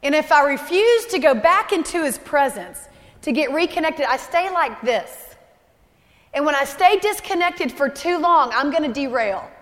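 Woman in her thirties, sermon, high voice, emotional, repeats phrases, long hall reverb. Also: expressive, normal speed. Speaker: speaker at a church service. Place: large church hall.

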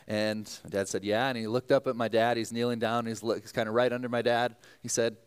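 A man in his thirties, a pastor, who prays earnestly and then preaches a sermon, telling stories in an animated way with some fillers. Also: mid-range voice, a little fast, clean tone.

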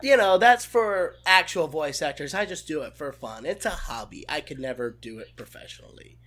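Young male guest, high bright voice, animated and eager. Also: normal speed. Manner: animated, enthusiastic storytelling. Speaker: guest voice impressionist. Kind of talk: casual interview answers.

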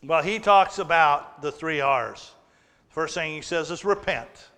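A man's voice: a little high, unhurried, pushed and bright. A man preaching a sermon to a congregation, teaching plainly, asking the crowd questions and joking with them. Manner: teaching with humor and audience questions. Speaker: pastor. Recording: long hall reverb.

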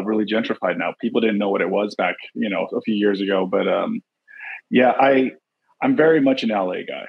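A middle-aged man from Los Angeles, a guest in a casual interview, who tells stories in an animated way over a video call. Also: lowish voice, creaky, slightly rough, dull audio. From Los Angeles, USA. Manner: animated storyteller, acts out quotes. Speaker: interview guest, actor and producer.

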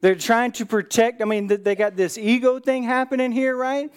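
Animated pastor preaching. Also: male voice, very high-pitched, moderate pace, smooth. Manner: animated, acts out quotes with rising voice, fillers like "right?". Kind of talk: sermon retelling a Bible story. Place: church.

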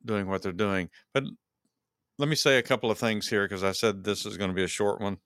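A man's voice: fairly low pitch, fairly even intonation, brisk, a bit bright, clear, resonant tone, no echo, studio quality. Heated man ranting on his podcast. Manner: heated, ranting, repeats words when worked up. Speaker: podcast host. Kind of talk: solo political commentary.

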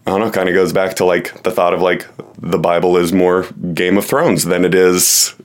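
A low-voiced man talks through ideas on a casual podcast. He hesitates and restarts his sentences, and he often makes fun of himself. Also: little pitch movement, normal speed.

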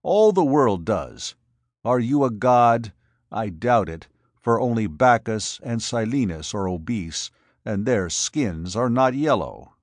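A man's voice: on the low side, lively intonation, slow pace, dry recording, studio quality. A man playing a proud, wry gladiator.

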